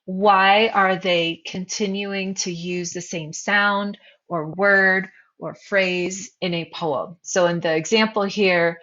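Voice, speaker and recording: A woman teacher talks through a slideshow lesson in a lowish voice and keeps asking her students questions. The recording is dull and lo-fi, as if from a basic computer mic. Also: a bit bright. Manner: explanatory, poses questions to students.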